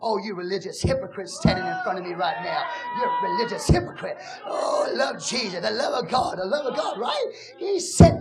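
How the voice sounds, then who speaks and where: A woman pastor preaching a fiery sermon in church, shouting with a breaking, impassioned voice. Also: medium pitch, wildly swooping pitch, normal speed. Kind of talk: fiery Pentecostal-style preaching. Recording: music under the voice. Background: music playing.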